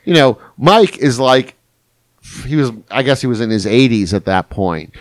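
A man talking as a podcast guest, spinning long anecdotes in a loose, rambling way with lots of restarts. His delivery is animated and casual. The sound is dry and close, with no room around it. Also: mid-range voice, moderate pace, no echo. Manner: rambling, animated anecdote telling with crude quotes. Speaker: journalist guest. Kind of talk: casual storytelling chat.

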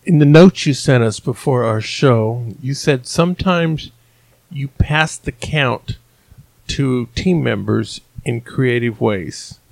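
A man host with a gravelly, mid-range voice asks direct, brief questions. The sound is close and dry. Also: medium pitch, slow, no room sound. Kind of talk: interview questions.

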